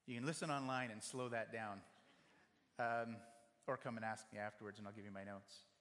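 A man preaching a sermon, earnest and direct, speaking to one listener at a time and acting out quoted voices. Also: mid-range voice. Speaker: pastor. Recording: long hall reverb.

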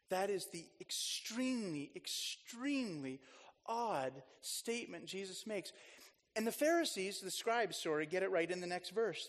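High-voiced male pastor in echoing church. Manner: chatty and storytelling, with frequent restarts and asides. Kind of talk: conversational sermon.

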